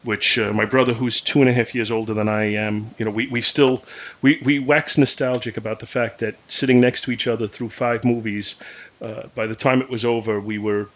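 Middle-aged male podcast host, relaxed and meandering; muffled, lo-fi audio. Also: medium pitch, a little fast. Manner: easygoing, hesitant with fillers. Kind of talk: casual chat about movies. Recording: dull lo-fi sound.

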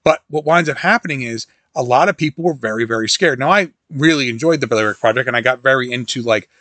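A man's voice: mid-range voice, quick pace, bright, forceful tone, no room sound. A middle-aged man hosting a casual horror-film talk, rambling through stories with many restarts and asides. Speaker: host reviewing a horror film. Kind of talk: casual monologue.

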